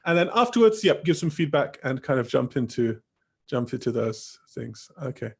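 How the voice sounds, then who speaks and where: A man's voice: mid-range voice, big pitch swings, normal speed, vocal fry, slightly rough. A young man giving a teacher-training talk over a video call, casual and rambling with many fillers. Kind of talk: online workshop talk.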